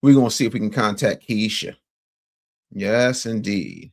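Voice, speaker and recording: A man's voice: medium pitch, lively intonation, normal speed. An American man hosting a morning news livestream, talking bluntly and sarcastically while reading the chat. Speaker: morning news show host.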